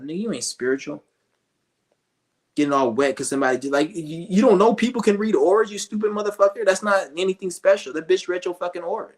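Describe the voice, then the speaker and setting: A man with a high voice and a fast delivery streams a rant. It's scornful, meandering, and full of swearing.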